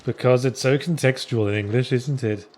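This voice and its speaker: A man's voice: medium pitch, moderate pace, darkish tone. A man hosting a casual gaming podcast, chatting dryly with mocking asides and reading out viewer questions.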